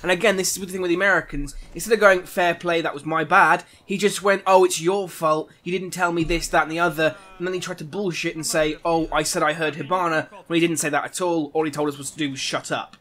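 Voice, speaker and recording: Indignant Irish gaming commentator. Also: male voice, fairly high pitch, fairly even intonation, fast talker, few pauses, bright, forceful tone. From Ireland. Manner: indignant, ranting. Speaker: gaming YouTuber. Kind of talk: commentary over gameplay footage.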